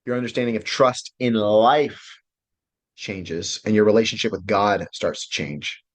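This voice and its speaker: Man with a lowish voice, relationship coach, loose, profane and excitable delivery, video-call sound. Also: a little slow. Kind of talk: casual online class presentation.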